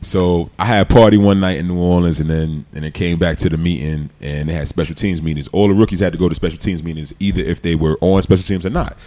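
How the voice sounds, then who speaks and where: A man, telling stories as a guest in a casual interview, animated and laughing often. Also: low-pitched, fast talker, few pauses. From New York City. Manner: animated storyteller, laughs often, acts out quotes. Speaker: podcast guest, former football player.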